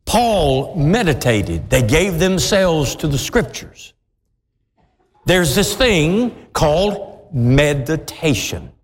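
A male pastor preaching a sermon, deliberate and emphatic, lingering on words. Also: fairly high pitch, big pitch swings, in a large hall.

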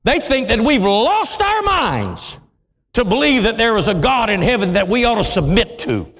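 A man preaching a sermon with impassioned, dramatic swings, dropping into deep voices for emphasis. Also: very animated, moderate pace, fairly bright tone. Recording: long hall reverb.

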